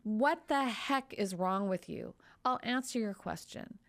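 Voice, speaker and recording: A woman's voice: medium pitch, expressive, a little slow, gravelly. A woman voicing an outraged male expert witness who scolds his questioner in court, indignant and emphatic.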